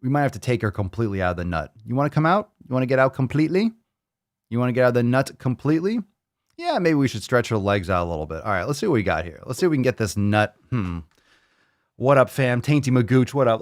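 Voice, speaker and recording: A man hosting a fitness podcast in casual chat, joking and animated, swearing freely. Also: mid-range voice, fast talker, no room sound, clean studio sound. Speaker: podcast host.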